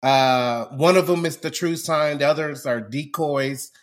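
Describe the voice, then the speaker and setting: A man's voice: a little high, a little slow. A man co-hosting a podcast, ranting animatedly and laughing often. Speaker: podcast co-host. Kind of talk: casual chat.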